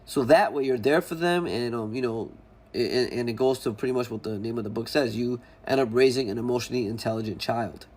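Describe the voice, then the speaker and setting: A man's voice: medium pitch, brisk, darkish tone. A man casually explaining a parenting book in a conversational way, often restarting and acting out example quotes. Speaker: educational channel host.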